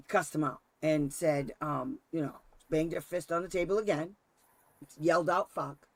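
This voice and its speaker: A man's voice: on the high side, a little slow. A man hosting a casual talk, telling a story with frequent laughs and acting out the quotes himself. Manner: animated storyteller, laughs often, acts out quotes. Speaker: special education advocate and host.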